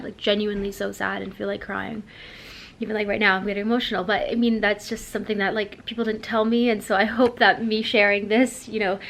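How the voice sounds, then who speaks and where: A woman's voice: mid-range voice, a bit bright, a little hiss or hum. A young Canadian woman in her twenties chatting casually to a handheld camera as a vlogger, rambling with lots of fillers. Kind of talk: casual vlog chat to camera. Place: home and outdoors in winter.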